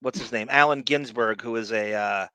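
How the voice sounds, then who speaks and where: A man's voice: mid-range voice, moderate pace, pushed and bright, smooth, no echo, poor audio. Sarcastic man ranting on a podcast. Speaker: podcast co-host. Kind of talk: casual podcast commentary.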